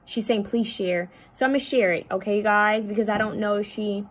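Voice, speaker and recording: A woman psychic medium talking at home, relaying messages in a halting, repetitive way that often drops to a hushed voice. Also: medium pitch, low-quality recording. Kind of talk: spirit-channeling video monologue.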